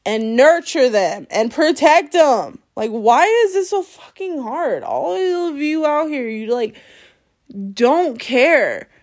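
This solo podcast rant comes from a woman with a high, animated voice who takes her time. As host, she scolds her listeners with blunt profanity, breaking into laughter between lines.

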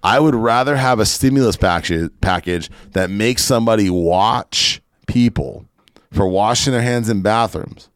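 A man's voice: lowish voice, unhurried, no echo, studio quality. A man hosting a podcast, ranting casually and emphatically with plenty of profanity. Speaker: podcast host. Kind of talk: casual opinionated podcast rant.

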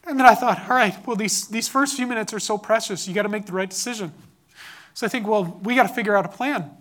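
Man telling a tense personal story. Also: high voice. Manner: grows loud and urgent as the story builds.

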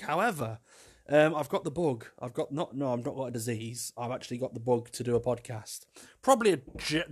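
A man, hosting a casual solo podcast, chatty and self-mocking, laughing often as he tells stories. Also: fairly high pitch. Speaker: podcast host.

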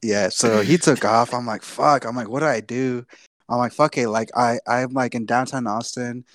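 A man's voice: mid-range voice, fairly even intonation, moderate pace, fairly bright tone, dry recording, clean studio sound. A young man from Texas telling a long personal story on a podcast, casual and profane, often repeating himself. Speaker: podcast co-host.

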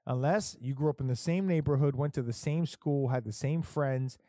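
A man's voice: mid-range voice, normal speed, mellow, no room sound, clean studio sound. A middle-aged man telling stories in casual, profane chat, as a podcast host. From Puerto Rico heritage. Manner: profane, storytelling, emphatic.

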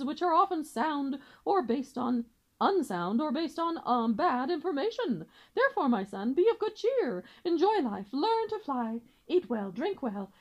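A woman's voice: sits high, a little mellow, voice pushed up, full character voice. A woman reading aloud and voicing a pompous, long-winded male father swan who lectures formally. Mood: lecturing.

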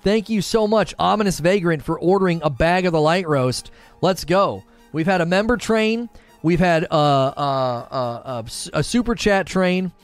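A chatty, upbeat man in his thirties hosts a live talk stream from home, reading viewer comments and thanking people by name. His voice sits a little high for a man. Faint music plays quietly behind him. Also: animated, normal speed, clean tone.

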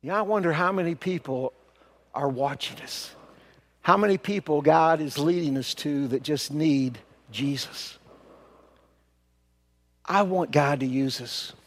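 A man's voice: on the high side, unhurried, pauses often. A male pastor telling a story in a sermon, folksy and earnest.

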